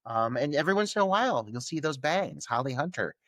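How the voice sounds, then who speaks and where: A man's voice: on the high side, expressive, fast, a bit bright, no echo. A man co-hosting a film podcast in casual chat, chatty and loose. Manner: chatty, many fillers and restarts. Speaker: podcast co-host.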